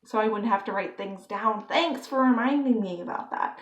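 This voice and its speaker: A woman's voice: mid-range voice, moderate pace. A young woman telling a story on her vlog, rambling and filling her talk with "like.". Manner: rambling, filler-heavy with constant "like". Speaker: vlogger.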